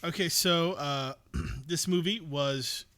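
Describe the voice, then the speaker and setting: A podcast host with a slightly high voice chats casually about movies, reading out film credits with dry sarcasm. He speaks slowly, and his tone is a bit bright.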